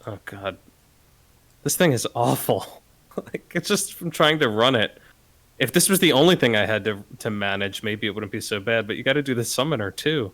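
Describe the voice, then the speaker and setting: A man's voice: on the low side, fairly bright tone. A man playing a tabletop game, hesitantly thinking aloud as he works through his turn. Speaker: player. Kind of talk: casual tabletop game play.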